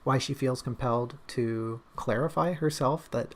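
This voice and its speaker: On a livestream, a writer talks casually about his draft, thinking out loud with plenty of fillers and restarts. His medium-pitched voice is unhurried, and he barely pauses.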